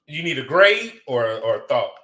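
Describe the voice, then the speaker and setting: A man's voice: mid-range voice, very animated, normal speed, bright, forceful tone. Playful, emphatic man on sports talk. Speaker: podcast co-host.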